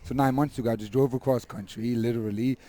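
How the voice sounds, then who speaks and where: A man whose voice is worn out from yelling, speaking as an eager guest in a casual interview. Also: medium pitch, fairly even intonation, fast talker. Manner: eager, laughs often. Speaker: poker league owner, guest.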